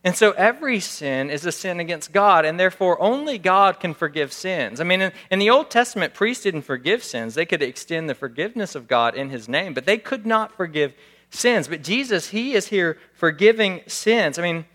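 A man's voice: sits high, expressive, moderate pace, pushed and bright. A male pastor giving a conversational sermon, acting out little scenes as he preaches. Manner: conversational, acts out scenes with raised voice.

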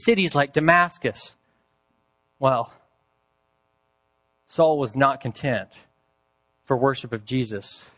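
A man preaching a sermon, telling a story with deliberate pacing and dramatic pauses. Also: on the high side, fairly bright tone. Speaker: pastor.

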